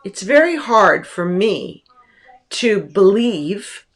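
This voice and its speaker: A woman teacher giving a lecture on a book, explaining slowly and deliberately with pauses, recorded at home. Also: medium pitch, big pitch swings.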